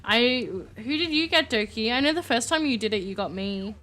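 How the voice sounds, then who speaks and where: A woman streamer in casual live-stream chat, excitable, loud and gushing. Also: on the high side, fairly quick, soft background music.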